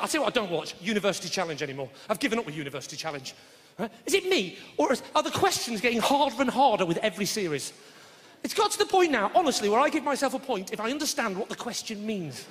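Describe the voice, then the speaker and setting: A middle-aged man doing a brash, sweary live stand-up routine, shouting his punchlines. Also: high voice, very animated, racing. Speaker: stand-up comedian. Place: large theatre with audience. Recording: reverberant live hall with audience noise.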